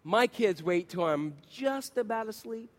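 A man preaching a sermon, telling stories with lively acted-out quotes and asking his listeners questions. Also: high voice, measured pace. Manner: animated storytelling, acts out quotes, asks the congregation questions. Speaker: pastor.

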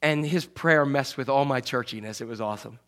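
A man preaching a sermon as pastor, swinging from loud, acted-out quotes to soft, hushed asides. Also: mid-range voice, a little fast.

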